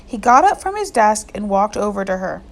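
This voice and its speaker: A woman reading a novel aloud in steady storytelling narration. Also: mid-range voice, a little fast, creaky. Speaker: audiobook reader.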